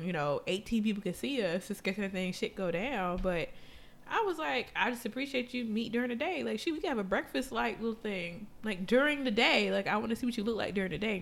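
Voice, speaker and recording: A woman co-hosting a casual chat, telling stories in a frank, profane, animated way. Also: medium pitch, gravelly, slight background noise. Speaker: podcast co-host.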